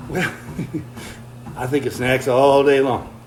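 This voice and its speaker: An older man chats casually on a livestream, reading viewer comments as he walks on a treadmill, a little out of breath. His mid-range voice is slow and slightly mellow, with little pitch movement, and he comes across folksy and easygoing, chuckling often. The recording is rough, with slight background noise.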